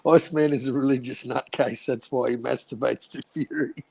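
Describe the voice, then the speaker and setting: A man's voice: medium pitch, fairly even intonation, a little fast, gravelly, a little mellow, husky. A man on a livestream panel, talking bluntly and swearing a lot in casual chat.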